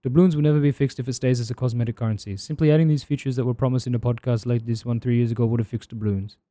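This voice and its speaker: A man doing an impression of another male commentator, reading a viewer comment in a slow, heavy, grumbling voice. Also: medium pitch, fairly even intonation, dark tone, dry recording, voice pushed down, close to an everyday voice.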